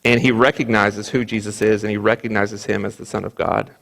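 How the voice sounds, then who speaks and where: A man's voice: on the low side, flat delivery, brisk, gravelly, a bit bright. A man teaching a Bible class in a church, speaking earnestly, quoting scripture and often restarting his sentences. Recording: reverberant church hall.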